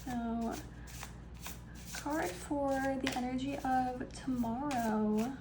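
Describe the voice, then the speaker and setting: A woman's voice: sits high, steady tone, drawn-out words, background noise. Chatty young woman reading tarot cards. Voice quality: vocal fry. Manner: chatty, upbeat, many ums and little laughs. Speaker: tarot reader. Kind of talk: casual pick-a-card tarot reading.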